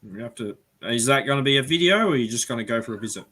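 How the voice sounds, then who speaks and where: Bright-voiced Australian man hosting a live chat. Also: mid-range voice, racing. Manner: chatty, laughs often, animated impressions. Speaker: live show host. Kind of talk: casual live-stream chat.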